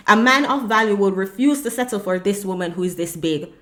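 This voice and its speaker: A woman's voice: mid-range voice, expressive, a little fast, a bit bright. A woman hosting a reaction video, giving blunt, emphatic critical commentary.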